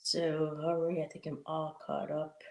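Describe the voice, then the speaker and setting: Deep, creaky, and flat, this livestream host's voice moves at a measured pace over a slight hiss or hum in an echoey room. She's a woman in her fifties painting on a casual stream, laughing a lot as she rambles through long anecdotes.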